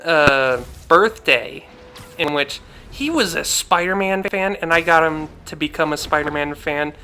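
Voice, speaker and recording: A man's voice: on the high side, measured pace, pushed and bright, faint music behind. A young man hosting a gaming channel, chatting casually and heartfelt over gameplay, rambling with many fillers.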